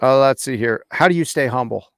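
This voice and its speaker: A man's voice: mid-range voice, fairly quick, dry recording, studio quality. A man hosting a podcast and chatting easily with his guest, at times fumbling with the equipment. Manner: relaxed, chatty, fumbles with the video playback. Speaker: podcast host. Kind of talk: casual interview chat.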